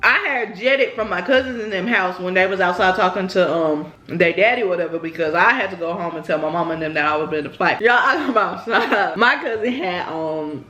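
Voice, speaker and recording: A woman's voice: fairly low pitch, a little fast, few pauses, pushed and bright, faint music behind. A young woman telling a rambling story to her viewers in a casual vlog. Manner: chatty, rambling, addresses viewers directly. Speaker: vlogger. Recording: roomy echo.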